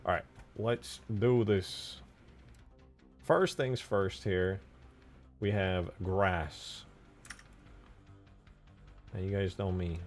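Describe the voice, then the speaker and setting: A man's voice: low voice, very slow, long pauses, soft background music. An American man streaming casually as he works on a game mod, muttering to himself and joking with his chat. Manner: joking, mutters to himself, sudden excited yelps. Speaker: modding streamer. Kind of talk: casual live-stream commentary while working.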